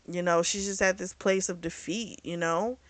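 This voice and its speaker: Bright chatty woman recapping a book. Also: on the low side, steady tone, normal speed, no echo. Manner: chatty retelling with quoted dialogue. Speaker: book review host.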